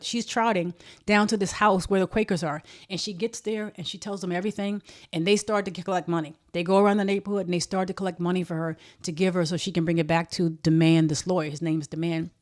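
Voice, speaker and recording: A woman retelling a history story in a casual, animated way, often repeating words as she goes. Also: mid-range voice.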